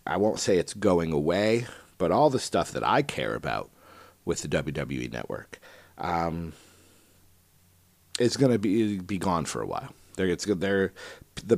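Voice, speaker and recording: Man, low voice, casual rambling podcast host, lots of fillers, dry close sound. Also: no echo. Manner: rambling, self-deprecating, many fillers. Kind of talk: casual solo podcast chat.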